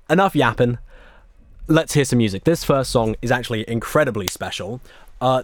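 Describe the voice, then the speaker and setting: Young male radio host, mid-pitched, rambling and self-deprecating, dry close sound. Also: no echo. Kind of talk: casual radio show intro. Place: small studio, alone.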